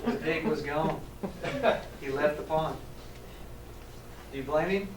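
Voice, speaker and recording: A man with a fairly high pitch takes his time reading a picture book to children, asking them questions along the way. The teacher trainer is animated and chuckles. Background noise, faint ambience, a distant mic, and an echoey room mark the recording.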